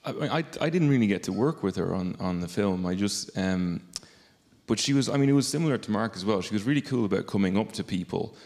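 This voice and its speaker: A man on a press panel who speaks in rapid, stumbling bursts. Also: on the low side, animated, darkish tone, long reverb tail. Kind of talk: press conference answers.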